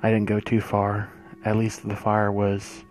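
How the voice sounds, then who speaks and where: A man telling a first-person horror story, hushed and suspenseful, with drawn-out pauses. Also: fairly low pitch, completely flat delivery, faint music behind.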